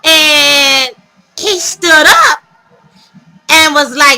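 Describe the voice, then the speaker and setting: Bright, high-voiced woman telling a story. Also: slow, poor audio. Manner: animated, dramatic, laughs mid-story. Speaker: vlogger telling her dating stories. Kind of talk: casual storytelling to camera.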